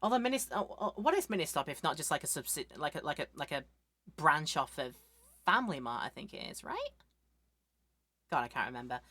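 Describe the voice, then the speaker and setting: A woman streamer giving casual gameplay commentary, rambling and joking with quick asides. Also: low-pitched, very animated, a bit bright, husky, dry recording.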